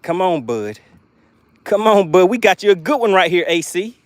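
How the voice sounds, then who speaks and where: Young male fishing host, outdoors on a boat, animated delivery, fairly high voice, dry close sound. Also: normal speed, no echo. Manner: animated, hypes viewers, playful made-up words. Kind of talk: excited live fishing commentary.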